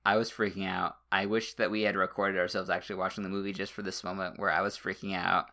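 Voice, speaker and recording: A man's voice: low voice, level tone, quick pace, creaky, bright, forceful tone. A man co-hosting a podcast, recapping a movie in casual, rambling chat with restarts and the odd swear word. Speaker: podcast co-host.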